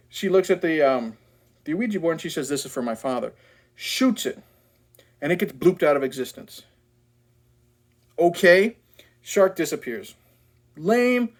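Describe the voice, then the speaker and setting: A man ranting in a casual movie review, blunt, profane and sarcastic. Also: on the high side.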